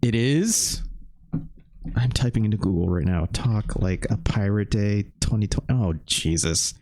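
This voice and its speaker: A man in his thirties streaming a retro game, chatting with viewers in a loose, animated way and swearing casually. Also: on the low side, measured pace. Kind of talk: live game stream chat.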